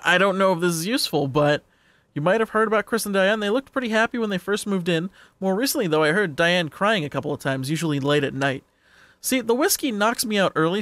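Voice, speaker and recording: A man's voice: high voice, a bit bright, no room sound. A man reading a chatty whiskey-loving old neighbor. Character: older male neighbor, whiskey-drinking, chatty and rambling.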